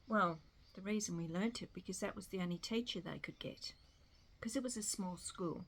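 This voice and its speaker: A woman's voice: fairly low pitch, moderate pace. An Australian woman talking casually to camera at home in a rambling, self-deprecating way. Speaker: vlogger. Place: home in Melbourne.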